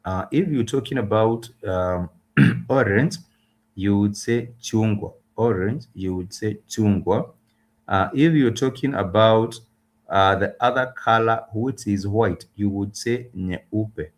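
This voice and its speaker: A man teaching Swahili words in a livestreamed lesson, patient and repetitive, pausing often with filler sounds. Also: fairly low pitch.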